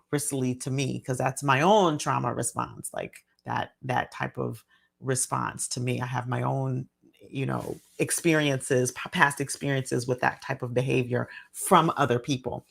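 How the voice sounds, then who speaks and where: A woman's voice: rumbling low, creaky. A middle-aged woman, a physician and parenting speaker, explaining a behavior model in a casual teaching talk. She works through her points step by step, with plenty of fillers.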